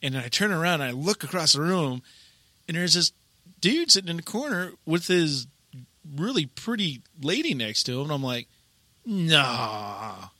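A middle-aged man hosting a podcast, telling a story in a casual, animated way and acting out the quotes. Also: a little high, normal speed, no echo. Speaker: podcast host.

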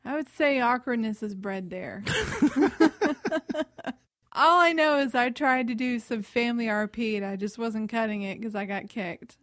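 Woman cohost, kinda high voice, dry close mic, easygoing and wry. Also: moderate pace, a bit bright, no room sound. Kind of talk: casual chat.

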